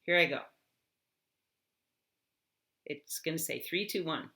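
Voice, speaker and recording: A woman teacher walking students through an app step by step, clear and encouraging. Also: deep voice, lively intonation, slow pace, bright, forceful tone.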